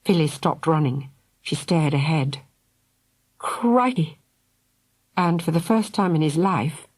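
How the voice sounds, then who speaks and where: A woman narrating a children's audiobook in a dramatic, expressive way. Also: deep voice. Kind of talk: scripted narration.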